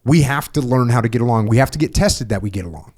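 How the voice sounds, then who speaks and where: A man's voice: mid-range voice, animated, quick pace, darkish tone. A middle-aged man hosting a podcast, telling stories casually and acting out quoted voices with emphasis. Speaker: podcast host. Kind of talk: casual conversational storytelling.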